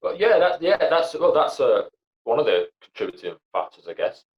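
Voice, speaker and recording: A young comedy writer and actor guests on a podcast, chatting casually in a very animated, mid-range voice at normal speed. He rambles bluntly with lots of swearing and fillers, and the sound is dull and lo-fi.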